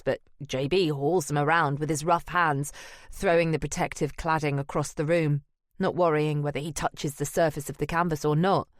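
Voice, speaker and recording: A woman's voice: deep voice, no echo. A woman narrating a first-person audiobook in a wry, dry manner. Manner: wry and dry, present-tense telling.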